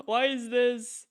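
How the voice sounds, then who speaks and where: A male streamer chatting casually, easily excited and quick to laugh, often cutting himself off mid-thought. His voice is high for a man and comes through smooth and clear. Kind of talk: casual chat.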